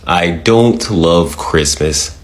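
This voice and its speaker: A man's voice: deep voice, drawn-out words. A man from Georgia giving wry, emphatic direct-to-camera commentary. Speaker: social media commentator.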